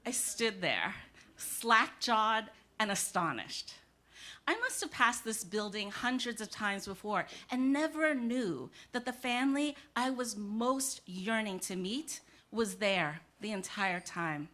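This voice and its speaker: A middle-aged woman from the United States telling a personal story on stage in a reflective, measured way with dramatic pauses. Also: mid-range voice, lively intonation, bright, forceful tone.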